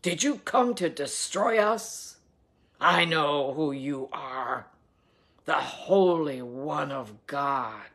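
A woman's voice: low voice, animated, drawn-out words, fairly bright tone, heavily acted. A woman voicing a defiant unclean spirit. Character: tormented unclean spirit possessing a man.

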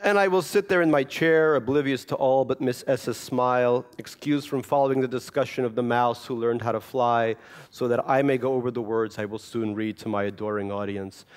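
A man's voice: mid-range voice, brisk, clean tone. Wry Russian-born male author. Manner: dry, self-mocking humor with chuckles. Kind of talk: reading from his memoir, then answering questions.

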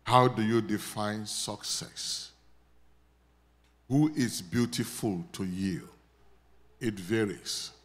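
Nigerian-accented preacher, slow and deliberate. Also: male voice, fairly low pitch. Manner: call-and-response preaching, prompting the congregation to repeat words; builds to loud declarations when praying over the congregation. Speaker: pastor. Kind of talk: sermon.

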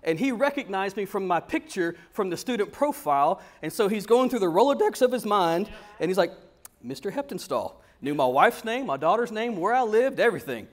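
A man preaching with a notably high voice, telling a story in an animated, conversational way. He speaks to a congregation like a pastor chatting with friends. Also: fairly quick, few pauses. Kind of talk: storytelling sermon.

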